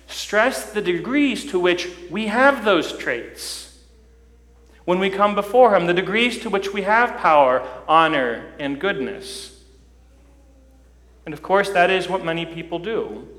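A man preaching a sermon, telling a story dramatically and building to loud, emphatic peaks. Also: sits high, expressive, slow pace, long pauses. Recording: echoey hall with long reverb.

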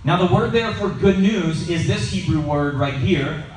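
Animated man teaching in an echoey room. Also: high-pitched, normal speed, distant mic, a little hiss or hum. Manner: animated, acts out shouting scenes. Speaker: Bible teacher. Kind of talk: teaching sermon.

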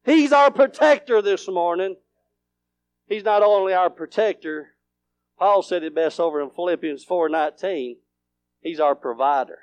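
High-voiced fervent preacher man. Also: animated, moderate pace, pauses often, no room sound. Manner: rising to fervent shouts, then dropping to near whispers. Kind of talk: sermon.

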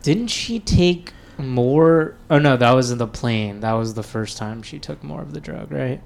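A man's voice: medium pitch, animated, measured pace, creaky, a little mellow. A man co-hosting a casual movie review chat, adding dry, joking asides. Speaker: podcast co-host.

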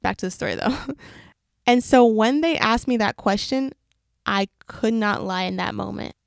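A woman's voice: mid-range voice, creaky, dry recording. A young adult woman telling a personal faith story in an earnest, reflective way, close to the mic. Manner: earnest and reflective, with quick runs of words. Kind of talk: personal faith testimony, casual.

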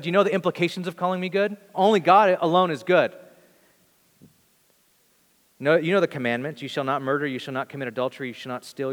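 A man preaching a sermon as pastor, animated and acting out quoted voices, with some stammers. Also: fairly high pitch. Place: church sanctuary. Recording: long reverb of a church hall.

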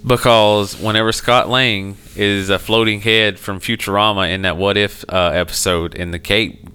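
A man's voice: normal speed, clear, resonant tone. A man chatting casually with a friend, swearing a lot and acting out the people in his stories in a raised voice. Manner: animated storyteller, swears a lot, acts out quoted people in a high voice. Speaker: podcast co-host. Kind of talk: casual chat.

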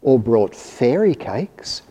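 A man voicing a grumpy, reclusive old male neighbour in a storybook reading, with a gruff, growling manner. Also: medium pitch, big pitch swings, slow pace, mellow, heavily acted. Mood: musing. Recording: reverberant hall.

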